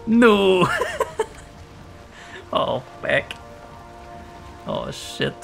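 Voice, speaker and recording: A man's voice: mid-range voice, animated, measured pace, fairly bright tone, faint music behind. A man streaming a game, giving casual gameplay commentary, playful, swearing often and laughing a lot.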